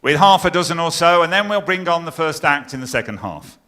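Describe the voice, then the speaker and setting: A middle-aged man compering on stage, his voice pitched high and ringing bright and forceful. He tells jokes with deadpan punchlines and teases the crowd in front of him. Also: fairly quick. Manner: teasing the audience, deadpan punchlines. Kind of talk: live stage compering with joke telling. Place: stage in a pier theatre before a live audience.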